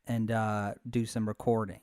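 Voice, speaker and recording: A man being interviewed as a podcast guest, soft-spoken and chatty, often laughing. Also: lowish voice, flat delivery, moderate pace, dry recording, clean studio sound. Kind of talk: casual interview chat.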